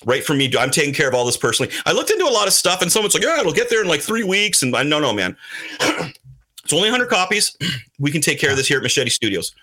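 Animated man with a bright, lively voice. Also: a little high, quick pace. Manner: animated, slips into put-on voices for quotes. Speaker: show regular, comic publisher. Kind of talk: casual podcast chat.

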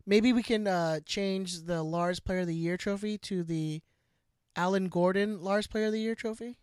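A man with a high, smooth, clear voice co-hosts a casual podcast, jumping in with eager, jokey comments. His sound is dry and close, with no room echo. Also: normal speed, darkish tone. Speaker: podcast co-host.

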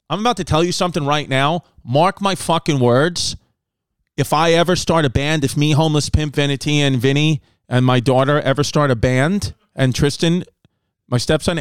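A man hosting a comedy podcast, riffing crudely and loudly with lots of swearing and sudden put-on voices for others. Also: a little high, clear, resonant tone, dry recording. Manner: loud, brash, swears a lot, animated voices for others.

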